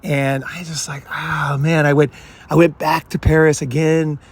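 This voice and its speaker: A man's voice: on the high side, level tone, moderate pace. An American man in his fifties, telling a rambling, profane story in a casual monologue. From United States. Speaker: channel host.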